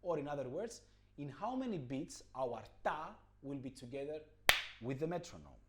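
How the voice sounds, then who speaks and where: A man's voice: on the high side, big pitch swings, moderate pace, darkish tone. A man teaching a rhythm lesson, explaining patiently and chanting counting syllables. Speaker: music teacher.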